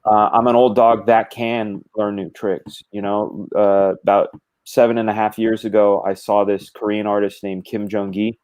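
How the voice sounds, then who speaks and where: A man's voice: fairly low pitch, little pitch movement, moderate pace, a little mellow. A middle-aged man in casual conversation, animatedly explaining drawing craft with gestures and quoted thoughts. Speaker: comic book artist guest.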